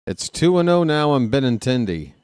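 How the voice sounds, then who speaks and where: A man streaming casual live baseball play-by-play, chatting with viewers and reading out their names between pitches. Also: sing-song, moderate pace, a little mellow, clear, resonant tone, no echo, studio quality. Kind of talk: live play-by-play with chat shout-outs.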